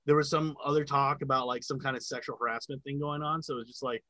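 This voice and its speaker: A man's voice: mid-range voice, fairly even intonation, fast, sharp tone, no echo, poor audio. A man in casual chat, telling a long story about working sound on a film set, with lots of filler words and swearing.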